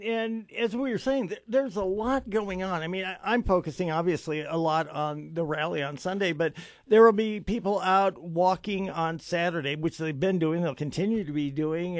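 A talk radio host, a man with a notably high voice, leans hard on his words and repeats them for emphasis. The sound is close and dry, with almost no room around it. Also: no echo. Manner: emphatic, repeats words, self-described sarcastic. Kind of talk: political talk radio interview.

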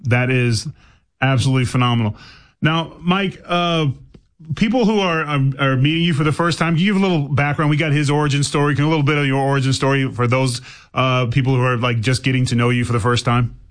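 A man's voice: mid-range voice, fairly even intonation, quick pace. A male radio host leads a casual interview. He chats and jokes easily, often restarting his questions mid-sentence. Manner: chatty, joking, stumbling restarts.

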